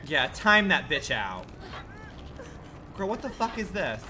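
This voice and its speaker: A man commentates his game live for viewers, dramatic and quick to swear, with exclamations that leap in pitch. His voice sits a bit high and moves a lot. A clear hiss of background noise runs under the home mic. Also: very animated, sharp tone. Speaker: game streamer. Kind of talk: casual live gaming commentary.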